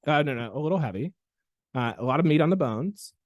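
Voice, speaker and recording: Animated male chiropractor telling a story. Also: fairly high pitch, fast, no room sound, studio quality. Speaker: podcast host, chiropractor. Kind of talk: casual storytelling chat.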